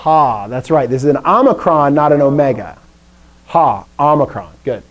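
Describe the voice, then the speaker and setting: A man's voice: on the high side, expressive, moderate pace, highs cut off. A young man teaching a Greek class for adults, upbeat and self-deprecating, drilling words aloud for his students to repeat. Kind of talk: classroom lesson with call-and-response drills.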